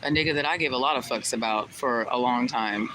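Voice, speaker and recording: Loud vehicle noise runs behind this young woman as she talks a little fast in a rumbling low voice. She's on a livestream addressing her chat, angry and cursing, hammering the same rhetorical questions repeatedly.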